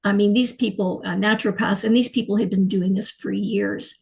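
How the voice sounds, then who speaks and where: A middle-aged woman, telling her life story as an interview guest in an animated, emotional way. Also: mid-range voice, moderate pace, gravelly, husky, rough recording. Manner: animated, emotional, frequent fillers and restarts. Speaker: guest, clairvoyant healer.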